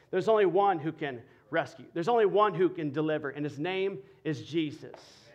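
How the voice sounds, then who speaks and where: High-voiced preaching pastor. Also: male voice, expressive, moderate pace, hardly any pauses. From Texas. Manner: preaching, rising to loud passionate emphasis. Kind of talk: sermon.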